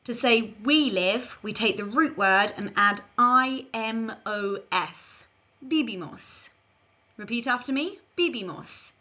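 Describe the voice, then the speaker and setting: A woman's voice: a little high, unhurried, few pauses, sharp tone. A woman giving a scripted language lesson, carefully modelling phrases for learners to repeat. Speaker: language teacher. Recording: dull lo-fi recording.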